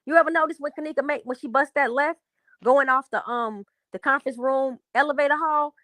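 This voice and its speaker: A woman co-hosting a live stream, telling a long story in a rambling, profane, animated way. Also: high voice, fairly quick, no room sound. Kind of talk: casual storytelling.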